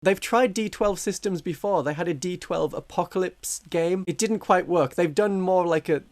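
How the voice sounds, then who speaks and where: A man's voice: high-pitched, normal speed, darkish tone. A man chatting as a vtuber guest, explaining a hobby game in a wry, self-deprecating way and laughing often. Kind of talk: casual explanatory chat.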